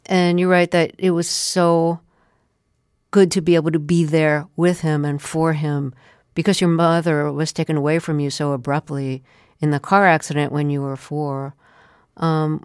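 Woman interviewer, smooth clear voice, dry close sound, measured questions. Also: low voice, no room sound. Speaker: radio interviewer.

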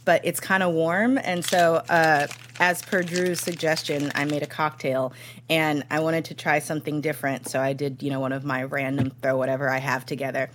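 A woman co-hosting a podcast in casual chat, upbeat and quick to laugh. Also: low voice, flat delivery, fairly bright tone, slight background noise. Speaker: podcast co-host.

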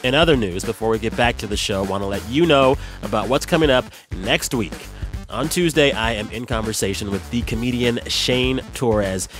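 A man's voice: medium pitch, moderate pace, faint music behind. A man in his thirties hosting a radio talk show, chatting casually with a playful, self-mocking manner. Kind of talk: casual chat. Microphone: studio microphone.

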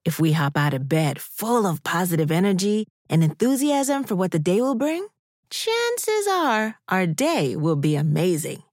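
Slow, sing-song woman guiding kids. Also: lowish voice, sing-song, dry recording, clean studio sound. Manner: gentle, encouraging, sing-song. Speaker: podcast host leading children's affirmations. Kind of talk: guided breathing and affirmations for kids.

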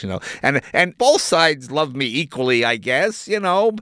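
An older American man telling lively, laughing anecdotes as an interview guest. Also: fairly high pitch, normal speed, hardly any pauses, clean tone, no echo, studio quality. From United States. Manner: animated anecdotes, laughing, jumping into voices. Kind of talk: casual storytelling in an interview.

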